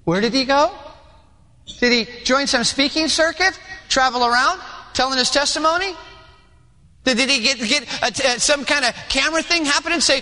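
A man preaches with a high, bright voice, acting out little scenes in different voices for his congregation. The sound carries the long echo of a church hall. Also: animated, fairly quick. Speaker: pastor. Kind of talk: sermon. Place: church sanctuary.

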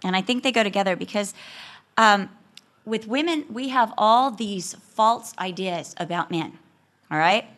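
A woman's voice: medium pitch, a little slow. A woman speaking to a women's audience about marriage, telling a funny personal story and acting out the quoted lines. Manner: animated, humorous, acts out quotes.

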